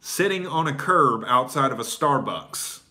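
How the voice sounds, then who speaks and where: A man's voice: mid-range voice, lively intonation, measured pace, sharp tone. A stand-up comedian from Oklahoma chatting casually and profanely, laughing between his stories. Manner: loose and profane, laughs between thoughts, filler-heavy. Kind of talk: casual chat.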